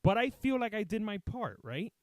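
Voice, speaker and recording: A man's voice: high voice, sing-song, moderate pace, dry recording. A man, a comedian, telling a rambling, profane story casually to his live chat. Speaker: comedian and streamer.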